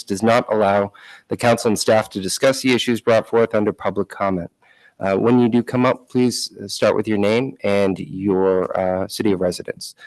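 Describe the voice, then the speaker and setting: A man's voice: fairly low pitch, no echo, rough recording. Man chairing a city council meeting. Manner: procedural, measured. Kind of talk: formal meeting procedure. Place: council chamber.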